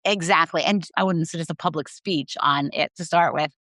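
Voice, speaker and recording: A woman's voice: deep voice, moderate pace, fairly bright tone, dry recording. A woman sex therapist speaking frankly as a guest on an interview podcast, telling personal stories in a candid, open way.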